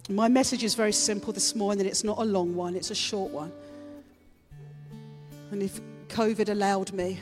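Animated woman preaching in echoing church hall. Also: normal speed, pauses often. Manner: animated, jumps to high excited exclamations, chatty asides to the congregation. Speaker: pastor. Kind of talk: Easter sermon. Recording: reverberant hall with soft music behind.

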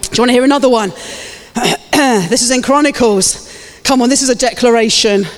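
A woman's voice: fairly high pitch, normal speed. A woman pastor preaching a fervent sermon, exhorting and calling out to her congregation. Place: church hall. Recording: long reverb of a church hall.

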